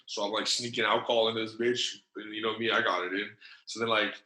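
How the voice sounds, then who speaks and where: A man's voice: fairly low pitch, little pitch movement, fast, bright, forceful tone. A man telling a long story as a podcast guest in loose, profane slang. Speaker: podcast guest, former wrestler. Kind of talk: casual storytelling. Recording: echoey room.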